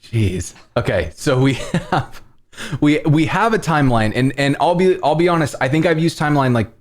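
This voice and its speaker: A man's voice: a little high, moderate pace. A man hosting a live coding stream, chatting casually and laughing often. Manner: laughs often, animated and playful. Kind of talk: casual chat.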